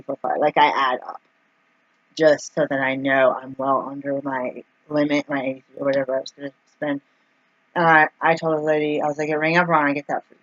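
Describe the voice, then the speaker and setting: A woman's voice: low-pitched, a bit bright, no room sound, highs cut off. A woman telling a personal story in a casual vlog, chatty and full of fillers, acting out the people she quotes. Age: adult, mother of two young kids. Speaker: vlogger.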